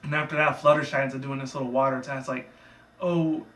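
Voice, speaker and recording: A man's voice: mid-range voice, flat delivery, rapid-fire, fairly bright tone, distant mic. A man casually recapping a cartoon episode in a rambling, loose way, with profane asides. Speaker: reviewer. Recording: echoey room, away from the mic.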